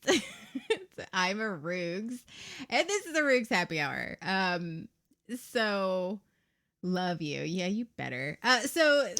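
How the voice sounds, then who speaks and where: Woman, 30s, livestream host, casual chat, candid, cursing, lively pitch. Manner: candid, swears often, laughs a lot. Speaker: streamer hosting her own show.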